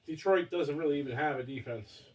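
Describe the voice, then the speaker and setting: High-voiced man, sitting back from the mic. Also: brisk, roomy sound, far from the mic. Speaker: sports talk show co-host. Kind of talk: casual sports chat.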